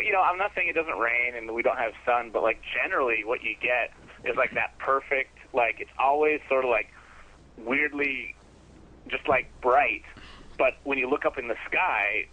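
A man with a sharp, bright voice chats easily as a podcast guest and fills his speech with hedges. He comes through a dull, lo-fi remote line. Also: medium pitch. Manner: laid-back, hedging with fillers. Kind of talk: casual chat.

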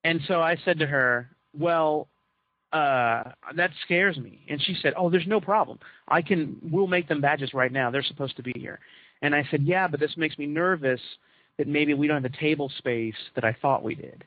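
A man with a voice on the high side tells his co-hosts a long anecdote in a casual chat at a normal speed, animatedly acting out the quoted dialogue. The recording is dull, lo-fi, and dry, with no echo.

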